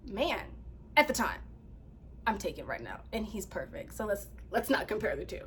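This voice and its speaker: A woman vlogger casually telling a story to her viewers, animated, laughing often and reading text messages aloud. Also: mid-range voice, normal speed, slight background noise.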